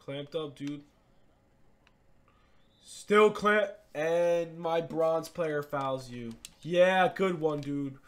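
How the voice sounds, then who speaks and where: A gaming YouTuber, male, delivers excitable live commentary over gameplay, lurching from low mutters to loud shouts and looping his catchphrases. He stretches his words out and barely pauses.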